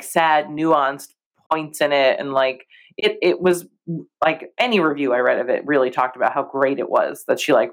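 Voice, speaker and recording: Low-voiced woman chatting casually. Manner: short reactive comments, laughs along. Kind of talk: casual chat.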